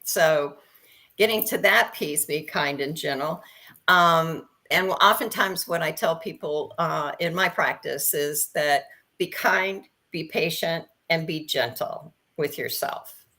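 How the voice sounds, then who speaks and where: A woman guest coach speaking calmly and encouragingly in a casual online chat. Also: low voice, takes it slowly.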